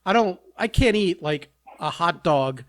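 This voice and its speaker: A man's voice: fairly high pitch, animated, measured pace. A man co-hosting a podcast in casual chat, teasing and rambling with lots of fillers. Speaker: podcast co-host.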